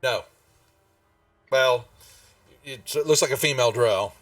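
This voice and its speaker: A man narrating as game master in a tabletop game, speaking in a halting way with many restarts. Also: medium pitch, a bit bright, no room sound, far from the mic.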